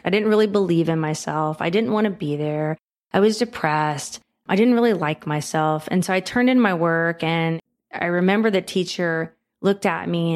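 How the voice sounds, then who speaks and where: A woman hosting a motivational podcast, speaking earnestly and encouragingly and repeating phrases for emphasis. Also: lowish voice. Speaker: podcast host.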